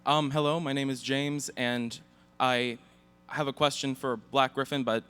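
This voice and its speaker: A man's voice: medium pitch, fairly even intonation, measured pace, fairly bright tone, clear, resonant tone. A young man in the audience asking a question, hesitant and polite. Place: convention hall.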